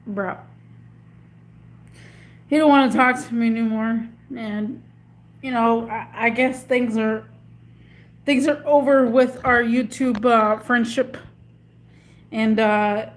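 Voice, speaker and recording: A woman chatting casually with viewers on a livestream, emotional and slangy, rambling with lots of restarts. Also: on the high side. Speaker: livestream host.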